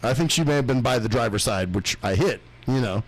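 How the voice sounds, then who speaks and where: A man's voice: medium pitch, animated, brisk, breathy edge, poor audio. A man in a heated, casual radio chat, swearing freely and defending himself with restarts and trailing sentences.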